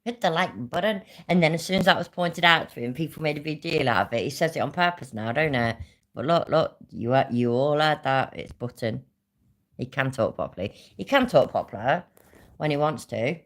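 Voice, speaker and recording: A woman's voice: low voice, expressive, fairly quick. A woman reacting to a played stream, blunt and often swearing, laughing between remarks. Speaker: commentary streamer.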